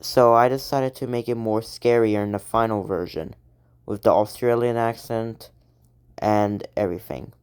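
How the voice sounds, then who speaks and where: A woman's voice: extremely low pitch, moderate pace, darkish tone, smooth. A woman creator casually talking through her own scrapped animation concepts, rambling and swearing with lots of ums. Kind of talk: casual commentary on own artwork. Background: synthesizer music.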